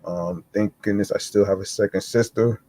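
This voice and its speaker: A man hosting a solo podcast, choked up and halting, with many fillers and restarts as he talks. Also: lowish voice, steady tone, warm tone, no echo, rough recording. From New York. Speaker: podcast host.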